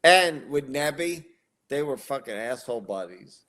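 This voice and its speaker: A man's voice: mid-range voice, lively intonation, measured pace, a bit bright. A man who is a guest on a podcast, telling stories in casual chat with a laid-back manner and frequent swearing.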